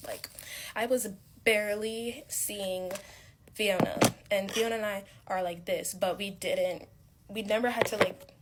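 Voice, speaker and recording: A woman's voice: medium pitch, fairly even intonation, measured pace, heavy background noise. A young woman telling a casual story-time tale about college friends in a rambling, filler-heavy way. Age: young adult.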